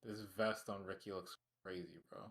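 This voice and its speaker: A man's voice: low-pitched, steady tone, normal speed, a bit bright. A man co-hosting a podcast, chiming in with short, profane casual reactions. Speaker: podcast co-host. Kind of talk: casual chat.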